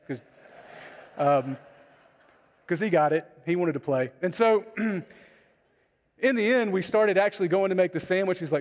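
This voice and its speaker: A man's voice: sits high, a little fast, long pauses. A man preaching a sermon as pastor, conversational, often asking the congregation questions. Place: church sanctuary. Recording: long hall reverb.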